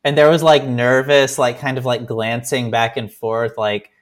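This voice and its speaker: A man's voice: medium pitch, normal speed, few pauses. A young man telling a story as a podcast guest, rambling, with many fillers and restarts. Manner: animated, self-mocking. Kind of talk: casual storytelling.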